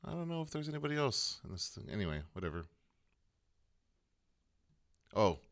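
A man co-hosting a casual podcast chat about movies, rambling and pausing to look things up. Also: mid-range voice, big pitch swings. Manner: rambling, looks things up mid-talk. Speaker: podcast co-host.

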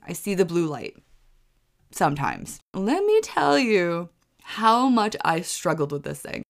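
Young woman host, casual storyteller, scattered and exasperated, voice a bit low. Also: fairly bright tone. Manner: rambling, self-correcting, exasperated. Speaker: podcast host.

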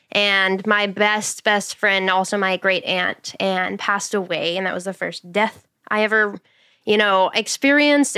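Energetic, chatty woman singer. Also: medium pitch, clear, resonant tone, dry recording, studio quality. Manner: energetic, chatty, expressive storyteller. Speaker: singer and songwriter. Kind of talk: casual podcast interview.

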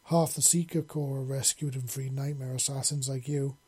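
A man voicing a warm, emotional young woman in an audiobook, effusive and affectionate. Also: steady tone, normal speed, husky, close to an everyday voice. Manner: effusive, raised pitch.

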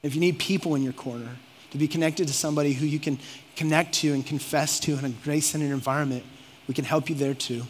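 A male pastor preaching a sermon, moving from calm teaching to fervent exhortation and voicing imagined conversations. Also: fairly high pitch, fast, slight background noise. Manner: preaching with rising intensity, acts out quoted speech. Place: church auditorium. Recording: long reverb of a large hall.

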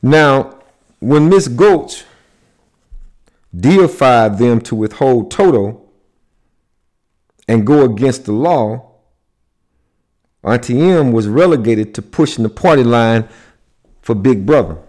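A man from the United States lecturing at an unhurried, measured pace, with a mid-pitched voice. He speaks deliberately and often stops to check that his listeners are following. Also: animated, darkish tone. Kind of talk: lecture on symbolism.

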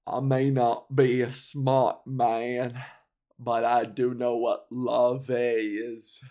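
A man doing an impression of a simple, earnest Southern man who talks in a slow, plain drawl. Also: medium pitch, level tone, mellow, voice pushed down.

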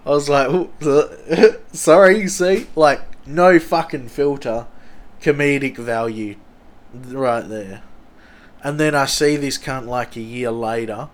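A young man with an Australian accent hosting a podcast, telling rambling stories full of swearing and loudly acted-out quotes. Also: medium pitch, unhurried. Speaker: podcast host. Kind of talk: casual storytelling.

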